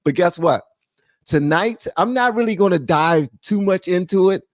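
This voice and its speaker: An American man hosting a live stream, giving animated, jokey commentary and laughing often. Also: sits high, moderate pace, no echo.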